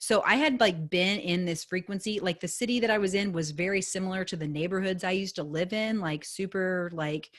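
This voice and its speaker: A woman in her thirties, a podcast host, telling a story in a casual, animated way, swearing freely and acting out the dialogue. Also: on the low side, brisk, hardly any pauses.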